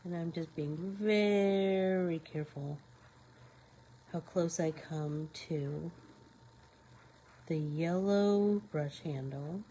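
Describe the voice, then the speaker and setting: A woman's voice: fairly low pitch, extremely slow, long pauses, dark tone, husky, highs cut off. A woman hosting a live painting tutorial, talking casually to viewers and to herself as she works. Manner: talks to herself while working, rambling. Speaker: craft show host.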